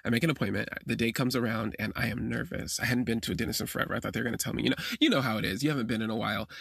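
A man hosting a confessional podcast, telling a personal story with animated bursts when he acts out his reactions, recorded on a phone. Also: rapid-fire, gravelly, slightly rough, dry recording, clean studio sound. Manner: animated, jumps high when acting out his own reactions. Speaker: podcast host.

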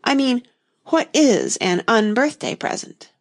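A woman's voice: a little high, lively intonation, a little slow, pitched above the performer's own voice. A woman voicing a polite, curious seven-year-old girl in a storybook reading. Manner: polite, earnest. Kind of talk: audiobook reading.

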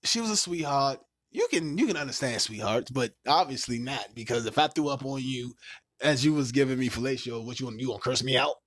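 A man's voice: mid-range voice, brisk, a bit bright, no echo, clean studio sound. A man hosting a podcast, telling a crude dating story in casual, profane chat, laughing and mimicking other people. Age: adult with a child. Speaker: podcast host.

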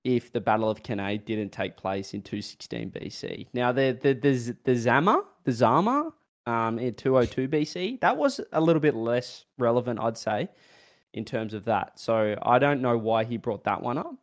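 A man with an Australian accent co-hosting a casual podcast, rambling and playful with deadpan mock answers. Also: mid-range voice, normal speed. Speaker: podcast co-host.

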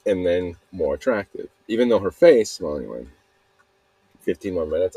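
Low husky-voiced man rambling. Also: animated, normal speed, warm tone. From Utah. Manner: rambling, self-mocking, trails off mid-sentence. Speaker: podcast host. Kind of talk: rambling solo podcast monologue.

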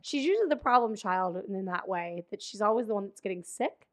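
A woman's voice: mid-range voice, lively intonation, brisk. A woman co-hosting a podcast in casual chat, rambling with many fillers and restarts. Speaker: podcast co-host.

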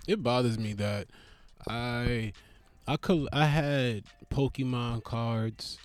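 A young man talks to his viewers in an unhurried, rambling comic monologue, cursing freely. He jumps between loud, worked-up rants and low, deflated mutters. The sound is dry and close, with faint music in the background. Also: dry recording. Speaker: vlogger.

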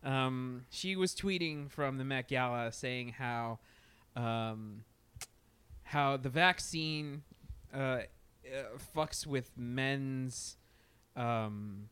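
A man's voice: medium pitch, extremely slow, a bit bright, clean tone. A man co-hosting a casual podcast chat, laid-back and joking, with many fillers.

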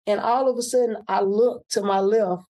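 A man's voice: high-pitched, normal speed. A man, a political candidate, telling a personal story and acting out what people said. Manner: animated, acts out quoted speech.

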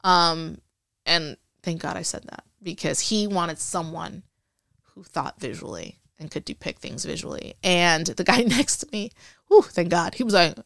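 Woman telling a story on an interview, low raspy voice with fry, lots of "like", does the voices of people she quotes. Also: lively intonation, unhurried, fairly bright tone, dry recording, studio quality. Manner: chatty, acts out quoted dialogue, frequent "like". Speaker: interview guest. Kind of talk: casual storytelling.

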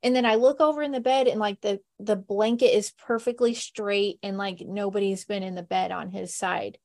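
A woman's voice: mid-range voice, steady tone, normal speed, a little mellow. A woman hosting a podcast, telling stories in a chatty, casual way with frequent laughs. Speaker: podcast host. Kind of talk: casual chat.

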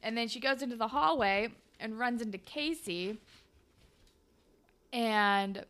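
A young woman co-hosting a podcast, recapping a show in casual chat, animated and swearing, popping into quick high voices for characters. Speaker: podcast co-host.

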